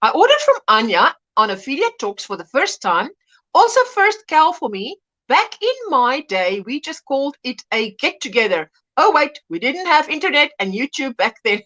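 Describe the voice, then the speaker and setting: A woman's voice: high-pitched, big pitch swings, moderate pace, bright, forceful tone. A middle-aged woman hosting a casual livestream chat, reading viewers' comments aloud and laughing often. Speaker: livestream host.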